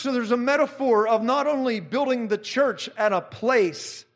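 High-pitched, fervent male preacher. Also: normal speed. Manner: fervent, repeats phrases, rises to shouts. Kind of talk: sermon.

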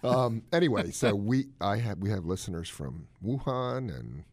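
A man co-hosting a casual chat, explaining health news in a jokey, animated way. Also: normal speed. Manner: animated, jokey, swoops up in pitch for emphasis.

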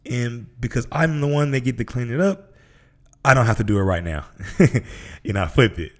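A man's voice: mid-range voice, lively intonation, normal speed. A man from Memphis, hosting a casual motivational podcast monologue in a laid-back, slangy way. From Memphis, Tennessee. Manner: laid-back, slangy, acts out voices in stories. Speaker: podcast host.

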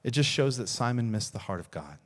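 A man's voice: mid-range voice, big pitch swings, a little fast. A man, a pastor, preaching a sermon, telling a story earnestly with repeated words and rising emphasis.

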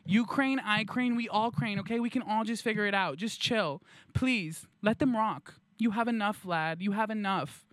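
A man's voice: high voice, moderate pace, hardly any pauses, a bit bright, no echo, voice pushed up. A man playing a smug male empath in a comedy sketch, talking in a soothing, pleading, self-congratulating way.

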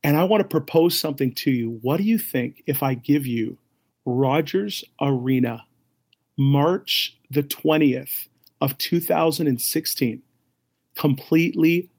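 Husky-voiced man telling a lively story. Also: on the high side, measured pace. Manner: animated, acts out quoted voices, laughs often. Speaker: ministry leader, interview guest. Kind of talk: excited storytelling in an interview.

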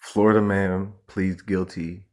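A man's voice: deep voice, level tone, unhurried, darkish tone. A man co-hosting a casual podcast chat, playfully reading out headlines and laughing easily. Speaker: podcast co-host.

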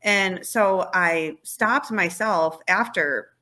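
A woman's voice: fairly low pitch, very slow, sharp tone. A woman in her thirties, a podcast guest, talking candidly and reflectively about parenting in casual conversation. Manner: candid, self-reflective storytelling.

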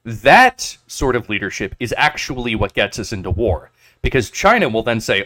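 Brief: mid-pitched male podcast co-host, stop-start delivery, lots of "uh", blunt and cursing. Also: very animated, pushed and bright. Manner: halting, many fillers and restarts, profane. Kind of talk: casual political chat.

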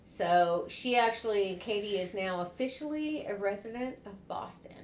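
A woman's voice: mid-range voice, animated, moderate pace, slight background noise. A middle-aged woman, a mother, chatting casually and telling family stories, often restarting her phrases. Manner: chatty, storytelling, repeats herself while she gets going. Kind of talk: casual chat. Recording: echoey room.

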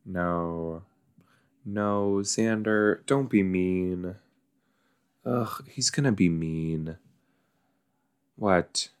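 A man's voice: lowish voice, extremely slow, long pauses, smooth. A man hosting a casual watch-along podcast, reacting chattily to a show with lots of likes and you-knows. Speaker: podcast host reacting to an episode.

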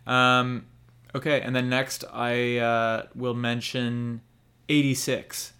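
A man's voice: mid-range voice, flat delivery, slow pace, sharp tone, smooth. Rambling young man talking anime. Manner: rambling, candid, swears casually. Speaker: podcast co-host. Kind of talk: casual chat about anime.

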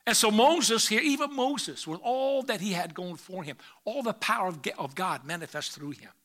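Pastor, male, high bright voice, preaching with loud bursts and quiet asides. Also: expressive, moderate pace. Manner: reads scripture aloud in old English. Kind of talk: sermon.

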